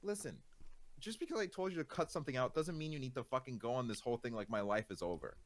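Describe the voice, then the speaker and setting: A man's voice: mid-range voice, expressive, very fast. Exasperated man ranting on a stream. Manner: exasperated ranting, profane, lots of fillers. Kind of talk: casual stream chat.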